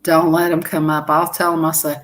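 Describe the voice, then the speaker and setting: Woman, lowish voice, rambling live-stream chat, laughs a lot. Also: little pitch movement, brisk. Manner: rambling, chatty, laughs often.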